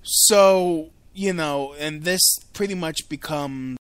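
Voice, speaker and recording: A man from the United States hosts his own solo talk show, drawling slowly through a loose, profane rant. His voice sits fairly high for a man, and the recording is dry and close. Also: fairly bright tone, smooth, dry recording. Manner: rambling, filler-heavy, profane. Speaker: podcast host.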